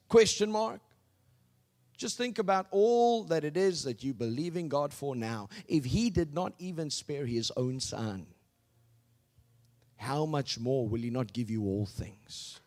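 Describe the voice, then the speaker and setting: Animated male pastor preaching. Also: fairly high pitch, unhurried. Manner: preaching with swings from loud declarations to hushed asides; leads the congregation in call-and-response. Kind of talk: sermon.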